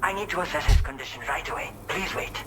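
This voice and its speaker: An actor playing a grateful game character with a put-on Indian accent and sentence-end flourishes. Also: male voice, fairly high pitch, quick pace, heavy background noise, natural voice. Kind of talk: video game dialogue.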